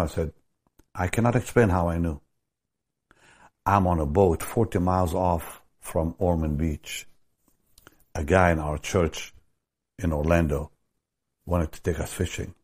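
A man's voice: sits low, darkish tone, husky. A middle-aged man preaching a sermon, telling stories and building into emphatic, fervent prayer. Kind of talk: sermon with storytelling.

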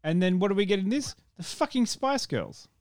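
A man hosting a podcast in casual chat, ranting with animated swearing and laughs. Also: high voice, a little fast, no echo, clean studio sound. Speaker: podcast host.

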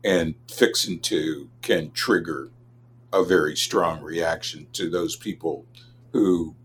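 A man from Los Angeles, a linguist answering interview questions in a measured, academic way. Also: low-pitched, steady tone, slight background noise. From Los Angeles, USA. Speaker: linguist, guest expert.

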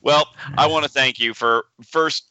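A man's voice: medium pitch, unhurried, bright, forceful tone, no room sound, lo-fi sound. A man co-hosting a podcast, chatting casually and joking with his guests. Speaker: podcast co-host.

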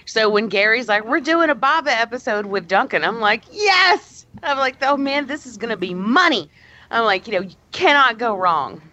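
A woman co-hosting a podcast, lively and teasing in casual chat, heard over dull lo-fi call audio with faint noise. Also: fairly high pitch, fairly quick. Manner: lively, teasing, laughs often. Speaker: podcast co-host.

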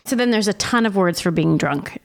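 A woman's voice: mid-range voice, lively intonation, brisk, vocal fry. A middle-aged woman co-hosting a podcast in casual chat, playful and giggly. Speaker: podcast co-host.

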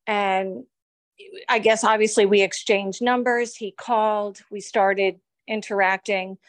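Rambling through her own story for an interviewer, a woman in her forties keeps restarting and acting out what people said, speaking as the victim. Her mid-range voice holds a steady tone at a slow pace, and the recording is dry.

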